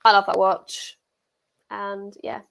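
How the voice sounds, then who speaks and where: A woman's voice: medium pitch, level tone, takes it slowly, vocal fry, a bit bright. A young British woman co-hosting a casual chat, enthusiastic and full of fillers. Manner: chatty, filler-heavy, enthusiastic. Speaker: co-host.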